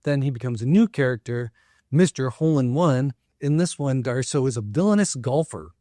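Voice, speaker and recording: A man hosting a local history show tells stories in a relaxed, rambling way, dropping in fillers and small jokes. His voice sits at an ordinary middle pitch. The recording is dry and close, with no room sound. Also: moderate pace, no echo. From Minnesota, US. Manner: chatty, loose, frequent fillers and asides. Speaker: local history podcast host. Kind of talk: casual storytelling talk.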